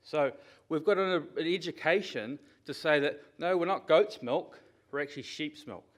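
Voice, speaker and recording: A middle-aged man giving a lively, conversational conference talk and often checking in with the audience. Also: on the high side, moderate pace. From New Zealand. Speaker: conference speaker. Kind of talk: conference presentation.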